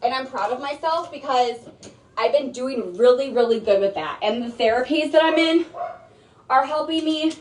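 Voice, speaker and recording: A woman's voice: sits high, normal speed, slight background noise. A young adult woman livestreaming from home, rambling, defensive and repetitive. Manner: rambling, repeating herself, defensive. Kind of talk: emotional livestream rant. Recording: echoey room, mic held off at a distance.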